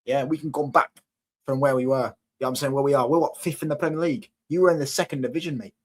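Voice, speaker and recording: A man's voice: medium pitch, fairly even intonation, fast talker. A young man, hosting a casual football live stream, bantering with viewer comments and repeating himself. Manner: banter-filled, repetitive, keeps asking if you get what he's saying. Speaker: football watchalong host.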